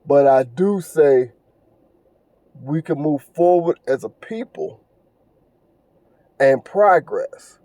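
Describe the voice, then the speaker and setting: A middle-aged man talks solo on his podcast in an earnest, lecturing way. His voice sits a bit high but sounds warm and dark, and he often repeats himself and stumbles over uh's. The recording is dry, with no room sound. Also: expressive, slow pace, long pauses, no room sound. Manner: earnest, preachy, repeats phrases, stumbles with fillers. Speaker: podcast host. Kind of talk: casual monologue commentary.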